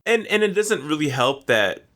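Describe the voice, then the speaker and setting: A man's voice: fairly high pitch, sing-song, normal speed, a bit bright. A man co-hosting a gaming podcast, ranting animatedly in casual chat and swearing freely. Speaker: podcast co-host.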